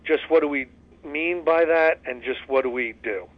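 A man's voice: on the high side, moderate pace, no echo, muffled recording. A man leading a recovery study discussion in an earnest, folksy way, with many restarts and fillers. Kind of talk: casual spoken study discussion.

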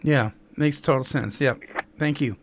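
A man's voice: mid-range voice, unhurried, slight background noise. Agreeable man co-hosting a radio talk. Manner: brief, agreeable replies. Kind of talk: casual chat.

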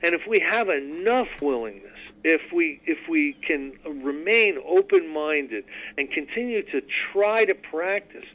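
An earnest man hosting a spiritual radio talk, emphatic and often repeating himself as he explains. His voice sits a touch high for a man. The sound is dull and muffled like a broadcast. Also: lively intonation, a little slow. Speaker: radio host teaching recovery steps.

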